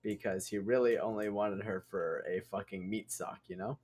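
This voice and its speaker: A man's voice: lowish voice, fairly even intonation, normal speed, darkish tone, husky. A young man hosting a podcast, telling a story casually while gaming, rambling and swearing. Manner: rambling, profane, restarts and laughs. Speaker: podcast host.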